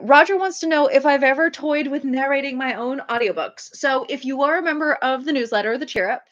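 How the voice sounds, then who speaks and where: A woman's voice: on the high side, a bit bright, lo-fi sound. A woman author chatting casually on a livestream, rambling with lots of fillers and small laughs as she answers viewers.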